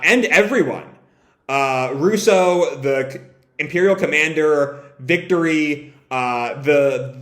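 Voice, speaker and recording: Male manga reaction host, slightly high voice, reads character lines with energy, swears casually, echoey room. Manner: reads dialogue aloud with raised pitch, swears casually. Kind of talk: live manga reading and reaction.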